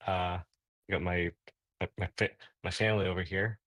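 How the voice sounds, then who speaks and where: A man's voice: low voice, steady tone, brisk, a bit bright, no room sound. A man playing a tabletop role-playing game in character, rambling with lots of stammers and restarts. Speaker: player.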